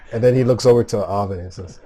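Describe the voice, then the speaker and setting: A man with a mellow, somewhat low voice speaks briskly as a player in a casual tabletop game. He describes his character's actions hesitantly, filling his speech with lots of fillers.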